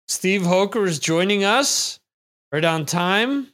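A man with a slightly high voice hosts a live trivia stream from a home setup. He talks slowly and rambles in a relaxed way as he chats and reads out viewer comments. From United States. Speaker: trivia show host. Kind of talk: casual live-stream chat. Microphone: computer microphone.

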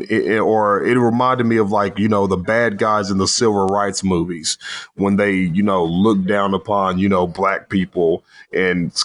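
A man casually discussing a movie in a rambling, animated way, swearing now and then. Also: on the low side.

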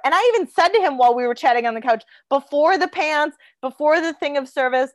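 A woman with a high voice recounts a date in a blunt, profane way, switching between her own lines and the other person's as she acts out the dialogue. The sound is dry and close, with no room around it. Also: a little fast, hardly any pauses, fairly bright tone, dry recording. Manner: frank and profane, acts out both sides of dialogue. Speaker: podcast host. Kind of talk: candid comedic storytelling.

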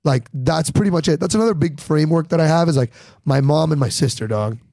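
A comedian guest chats casually on a podcast, animatedly telling stories and acting out other people's voices. He talks fast in a slightly high voice with vocal fry, and the recording is dry.

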